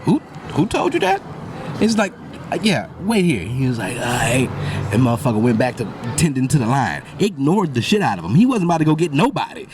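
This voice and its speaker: A man hosting a podcast, telling a profane, animated story and acting out what people said. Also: medium pitch, brisk, background noise. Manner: animated, profane, acts out quoted voices. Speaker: podcast host. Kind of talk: casual storytelling chat.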